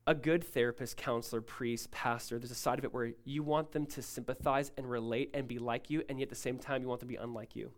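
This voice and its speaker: A male pastor preaching a sermon, emphatic and rising loud, then dropping to a hushed tone, often asking listeners to follow along. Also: medium pitch, steady tone, quick pace, hardly any pauses. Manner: asks the congregation to follow along.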